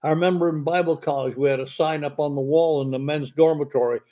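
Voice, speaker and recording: A man's voice: on the high side, fairly even intonation, fast talker, warm tone. An older male preacher with a stammer, teaching in a live Bible question and answer. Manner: stammers in speech, fluent when preaching. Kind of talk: sermon-style Bible Q&A.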